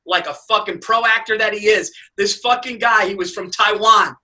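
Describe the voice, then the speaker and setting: Brief: male podcast co-host, high and piercing, excitable comic storyteller, a bit off-mic. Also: moderate pace, hardly any pauses, far from the mic, low-quality recording. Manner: excitable, swearing, rising to shouts. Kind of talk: casual comedic chat.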